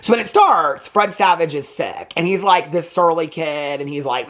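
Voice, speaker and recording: Male reviewer in his fifties, chatty and digressive, with a very animated voice. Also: a little high, a little fast. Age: 50s. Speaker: movie reviewer. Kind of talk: casual chat.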